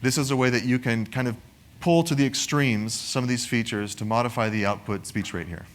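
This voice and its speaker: A man's voice: mid-range voice, brisk. Conversational man presenting a tech demo. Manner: conversational, frequent "right?" tag questions. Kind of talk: technical product presentation.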